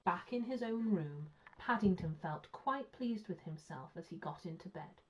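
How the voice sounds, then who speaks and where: A woman teacher reading a children's story aloud with clear, expressive storytelling. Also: fairly low pitch, moderate pace. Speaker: primary school teacher. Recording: muffled lo-fi sound.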